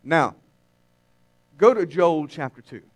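A man preaching a sermon at a church service. He talks in a folksy, teasing way to the congregation and swells to emphatic near-shouts on key phrases. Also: a little high, lively intonation, takes it slowly. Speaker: pastor.

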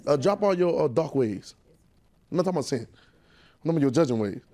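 A Southern-accented male pastor preaches in a loose, conversational way, teasing his congregation and drawing responses from them. His voice sits a little higher than most men's. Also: animated, fast, dark tone. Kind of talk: preaching a sermon. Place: church sanctuary with congregation.

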